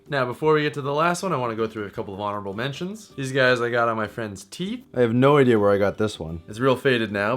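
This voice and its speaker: A young man from Massachusetts vlogs with comic self-mockery, tossing in asides as he goes. His voice sits a little low yet sounds bright and forward, and his pitch swings widely. Faint music plays underneath. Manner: animated, self-mocking, jokey asides. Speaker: vlogger. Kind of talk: comedic storytelling to camera.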